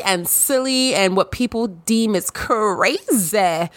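A young woman talks straight to her listeners as the host of her own podcast, giddy and sassy, stretching her words and humming her agreement. Her voice sits at an ordinary middle pitch. The sound is close and dry, with no room around it. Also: no echo. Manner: playful, giddy, sassy, with drawn-out affirmations. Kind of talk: casual podcast monologue.

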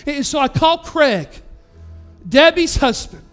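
High-voiced earnest male pastor. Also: lively intonation, normal speed, fairly bright tone, soft background music. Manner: earnest, conversational, with frequent restarts. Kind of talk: storytelling sermon.

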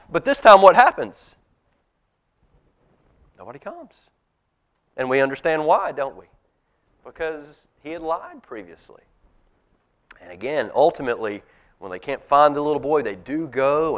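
A man's voice: a little high, big pitch swings, normal speed, long pauses, a bit bright, dull audio. A man, a pastor, giving a children's talk in a church service, telling a story and asking the kids questions. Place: church sanctuary.

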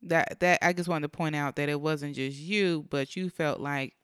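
Smooth-voiced woman chiming into a chat. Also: low voice, fairly even intonation, normal speed, dry recording, studio quality. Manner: chimes in with frequent affirmations, adds details. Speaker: wife and co-speaker. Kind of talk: casual conversation.

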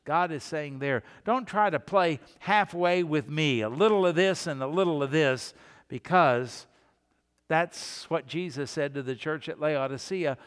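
A man's voice: fairly high pitch, a little slow, clear, resonant tone. A middle-aged pastor preaching a sermon, talking in a conversational way and lifting his voice when he quotes scripture. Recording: long reverb of a hall.

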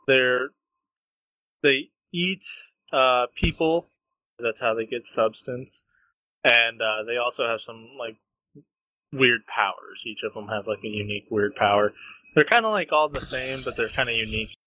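A young man co-hosting a podcast, chatting casually and retelling a story in a halting way, full of fillers. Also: medium pitch, pushed and bright, no room sound, low-quality recording. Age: young adult. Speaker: podcast co-host. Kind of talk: casual chat.

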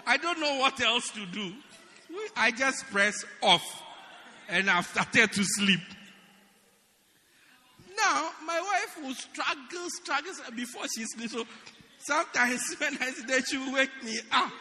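A man preaching a humorous sermon, acting out stories and shouting the punchlines. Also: very high-pitched, takes it slowly, in a large hall, slight background noise. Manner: animated storytelling, laughing and shouting punchlines. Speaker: pastor.

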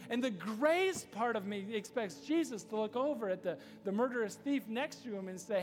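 A man's voice: high voice, animated, moderate pace, few pauses. A pastor giving a casual, story-driven sermon, acting out the quoted lines as he goes. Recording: long reverb of a hall, faint music.

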